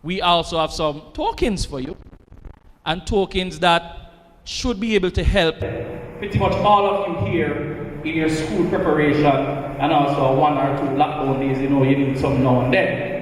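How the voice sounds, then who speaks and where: A man's voice: on the high side, measured pace. A man, organizer giving a chatty, informal welcome to students at an event. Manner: chatty and informal, promises and jokes. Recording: reverberant hall, faint ambient noise.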